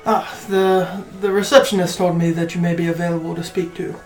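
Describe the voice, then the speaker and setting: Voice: medium pitch, little pitch movement, brisk. A player speaking politely and formally in character during a tabletop game. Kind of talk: in-character tabletop role-play. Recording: echoey room with faint music.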